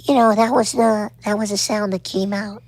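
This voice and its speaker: A man doing a high, strained falsetto voice like a squeaky cartoon character, chirpy and rapid. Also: steady tone, no echo, close to an everyday voice.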